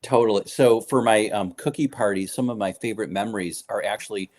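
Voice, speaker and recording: Animated man telling stories on a call. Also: on the low side, fairly quick. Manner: animated storyteller, many fillers, laughs often. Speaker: guest, food writer and baker. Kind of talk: casual chat.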